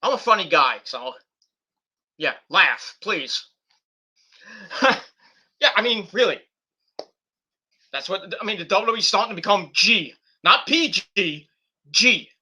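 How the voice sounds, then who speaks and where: A man's voice: sits high, animated, slow pace, long pauses, sharp tone, slightly rough. A middle-aged man hosting a livestream, ranting casually and profanely with sarcastic mock quotes. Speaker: streamer host.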